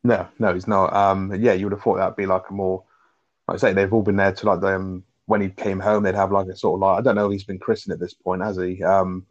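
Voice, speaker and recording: A man's voice: deep voice, flat delivery, fast talker, dull audio. A man, chatting casually as a podcast co-host, rambling with lots of fillers and swearing. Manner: rambling, filler-heavy, swears, asks tag questions. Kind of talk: casual chat.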